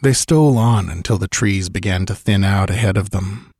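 A man with a fairly low voice narrates an audiobook in a measured, steady way. The recording is dry and close, with no room sound. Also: slightly rough, no room sound.

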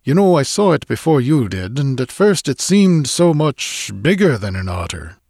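A man reading an audiobook voices a grave, uneasy male canoeing companion who speaks slowly and earnestly, turning low and scornful at times. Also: big pitch swings, darkish tone, husky, no echo, clean studio sound.

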